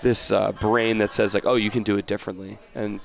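A man from the United States in casual conversation, with a low-pitched voice. He tells stories in an animated, rambling way, restarting sentences and filling pauses as he goes. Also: creaky. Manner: rambling, animated storytelling with many restarts and fillers. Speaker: podcast guest. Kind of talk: casual interview chat.

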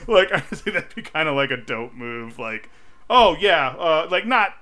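A man in his thirties co-hosts a casual podcast, speaking at a moderate pace in a mid-range voice. He's an animated storyteller, acting out quotes with lively energy as he chats.

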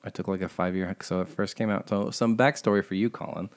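A man with a fairly low voice hosts a relaxed podcast conversation. He rambles along, drops casual swear words and breaks into laughter often. His delivery is loose and conversational. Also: fast, creaky. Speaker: podcast host and co-founder.

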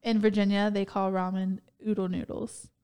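A woman's voice: mid-range voice, level tone, moderate pace, dark tone, clear, resonant tone. A young woman co-hosting a podcast in casual chat, playful and giggly, laughing often. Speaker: podcast co-host.

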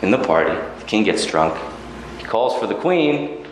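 A man teaching Talmud in an animated, storytelling way, his pitch leaping up and down as he drives each point home. He mixes in Hebrew quotations. The sound is very echoey, with a faint hum of ambient noise behind him. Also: moderate pace. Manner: lively storytelling with Hebrew quotes and acted asides. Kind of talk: animated Torah lecture.

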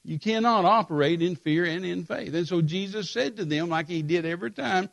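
A man preaching a sermon, telling a scripture story with emphatic repetition and animated storytelling. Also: sits high, brisk, creaky, hardly any pauses.

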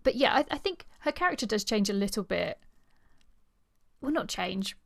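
A woman's voice: mid-range voice, sing-song, moderate pace, creaky, a bit bright, no room sound, studio quality. A woman co-hosting a podcast, talking in a chatty way about a novel and often repeating words as she starts. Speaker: podcast co-host. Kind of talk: casual book discussion and reading aloud.

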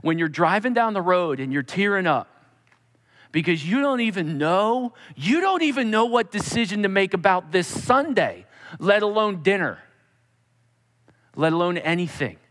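A male pastor preaching a sermon, emphatic, dropping to a soft, intimate tone when he voices God speaking. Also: high voice, very animated, moderate pace, big-room sound.

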